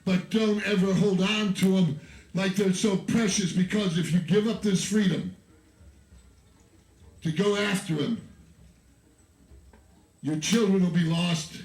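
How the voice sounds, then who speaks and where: American guy yelling a fired-up protest speech into a stage mic, really high voice, echoey pa sound. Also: measured pace, gravelly, long pauses. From United States. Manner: fiery, profane, shouting and preachy. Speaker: activist speaker at a festival. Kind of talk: impassioned rally speech to a crowd. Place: outdoor festival stage.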